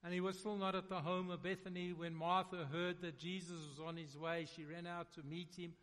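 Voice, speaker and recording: A man preaching a sermon, dramatic, swinging between loud emphasis and hushed, quiet lines. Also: high-pitched, level tone, moderate pace. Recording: long reverb of a large hall.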